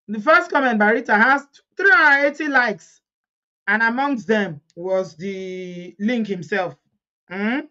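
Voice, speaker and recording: A Nigerian woman hosting a casual gossip commentary vlog, laughing often and reading comments aloud with lively reactions. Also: a little high, dull audio. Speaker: commentary vlogger.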